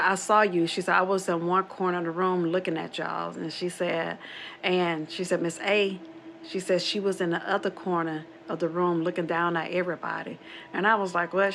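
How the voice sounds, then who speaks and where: A woman with a low, gravelly voice tells a spooky true story about her family in a loose, rambling way. She circles back on herself and slips into quoted back-and-forth dialogue as she goes. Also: level tone, moderate pace, a bit bright, slight background noise. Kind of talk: casual spoken true story.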